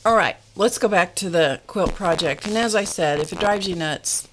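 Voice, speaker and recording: A woman's voice: lowish voice, moderate pace, a little hiss or hum. A middle-aged woman hosting a live-stream craft tutorial, chatting casually and reading viewer comments aloud. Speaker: craft show host.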